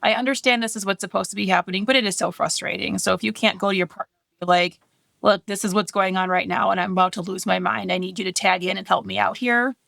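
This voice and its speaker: A woman's voice: mid-range voice, fairly even intonation, fast talker, creaky, a bit bright, no room sound. A woman in her thirties co-hosting a casual podcast chat, candid and chatty, laughing often. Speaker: podcast co-host.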